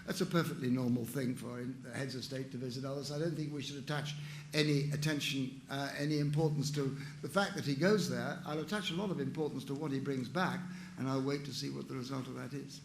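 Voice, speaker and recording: A man's voice: medium pitch, fairly even intonation, fairly quick, gravelly, a little hiss or hum. Older man in an echoey hall. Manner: frank, emphatic. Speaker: conference speaker. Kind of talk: Q&A at a conference. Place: conference room.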